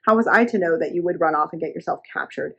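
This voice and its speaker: A woman's voice: on the low side, fast talker, a bit bright, husky, lo-fi sound. A woman reading aloud the lines of a cold, domineering mother goddess who talks down to her daughter. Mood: scornful. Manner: scornful, belittling.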